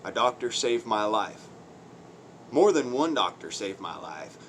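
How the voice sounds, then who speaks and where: Here the vlogger's fairly low voice turns sing-song and a little slow, bright in tone over a faint hiss or hum. Ranting on his channel, he delivers blunt, crude ridicule full of swearing and folksy expressions, laughing as he goes from point to point.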